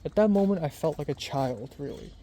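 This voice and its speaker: Twenty-something guy rambling through a story for his vlog, chatty, lots of likes and ums, mellow voice, faint birds outside. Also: a little high, lively intonation, a little fast, slight background noise. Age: 20s. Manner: rambling, chatty, many fillers. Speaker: vlogger.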